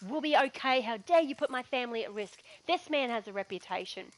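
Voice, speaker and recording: A woman's voice: medium pitch, lively intonation, brisk, close to an everyday voice. A woman with an Australian accent voicing an indignant woman homestead owner who scolds shrilly. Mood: furious.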